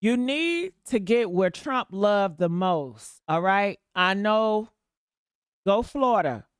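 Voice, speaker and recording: Sassy woman ranting on her stream, smooth crisp voice, dry close sound, swears a lot. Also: medium pitch, expressive, slow pace, dry recording. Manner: blunt, profane, sassy, calls listeners honey. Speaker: livestream commentator. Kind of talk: casual livestream commentary. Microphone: desktop mic.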